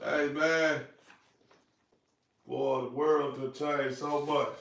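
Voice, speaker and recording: A man's voice: a little high, level tone, very slow, a bit bright. A man hosting a livestream, teasing and scolding a dog in sing-song repeats, then chatting casually. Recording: echoey room, distant mic, faint noise.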